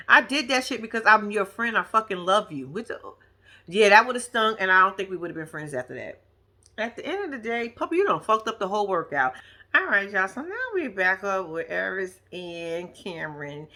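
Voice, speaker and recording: Woman, bright lively voice, chatty slangy TV recap vlogger. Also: mid-range voice, a little fast. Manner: animated, slangy, laughs often. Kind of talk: casual recap commentary.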